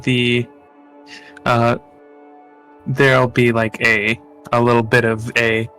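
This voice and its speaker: A man running a tabletop game as game master, describing the scene slowly. His voice is bright and forward, and he hesitates often with fillers and restarts. Faint music plays underneath. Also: mid-range voice, flat delivery, clean tone. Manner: halting, full of fillers and restarts.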